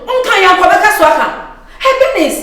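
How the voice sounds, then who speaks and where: A woman playing a very high, fast-talking onlooker. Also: sing-song, background noise. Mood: teasing. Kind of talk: comic skit acting. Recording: echoey, distant with crowd behind.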